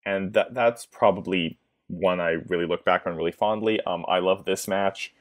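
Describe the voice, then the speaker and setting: A man's voice: low voice, fairly even intonation, normal speed. A man chatting casually as a guest on a podcast, often laughing at his own ideas.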